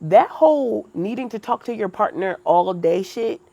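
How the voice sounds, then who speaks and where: A woman's voice: mid-range voice, animated, normal speed, vocal fry, dark tone, dry recording, dull audio. A woman co-hosting a podcast, talking in a blunt, profane, opinionated way in casual chat. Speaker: podcast co-host.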